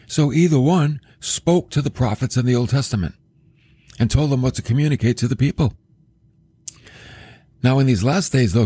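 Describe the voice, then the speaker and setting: A man teaching a sermon-style Bible lesson for a podcast, animated, often asking the listener questions and acting out quoted voices. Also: mid-range voice, slightly rough, no echo, studio quality. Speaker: podcast preacher.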